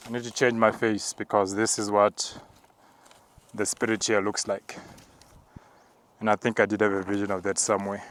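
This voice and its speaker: A low-voiced man narrates a spiritual walk as he climbs a mountain path outdoors. He talks calmly and in a measured way, and now and then breaks into tongues. His voice stays fairly level, with little rise and fall. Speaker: apostle.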